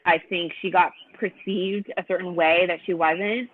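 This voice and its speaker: A woman's voice: lowish voice, a little slow. A woman guest talking casually on a podcast, telling her story with lots of fillers. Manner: animated storyteller, many fillers. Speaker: guest contestant. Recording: tinny phone-like audio.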